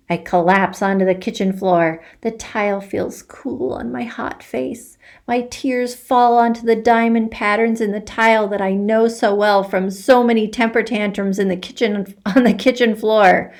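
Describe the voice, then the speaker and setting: Teacher lady reading a kids book out loud, slow and expressive. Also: medium pitch. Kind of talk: virtual story time read-aloud.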